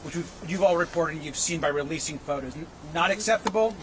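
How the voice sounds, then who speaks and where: A man's voice: a little high, brisk, a bit bright, slight background noise. A man making a formal statement to the press in a played news clip. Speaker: official speaking in a news clip.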